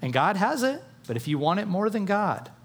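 Male pastor, pitched a bit high, earnest sermon delivery with hushed emphasis and lifted questions. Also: very animated, brisk, breathy edge. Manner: earnest, shifts between quiet emphasis and raised rhetorical questions.

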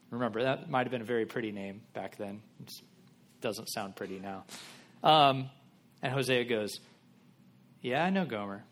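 With a mid-range voice, this male pastor preaches casually and conversationally. He gives the biblical figures ordinary, everyday voices.

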